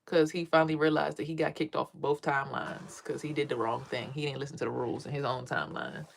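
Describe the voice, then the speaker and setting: Woman talking aave, cussing a lot, animated vlog story, doing the voices of other people. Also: fast, creaky, slight background noise. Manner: animated, profane, acts out quotes in a high voice. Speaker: vlogger and tarot reader.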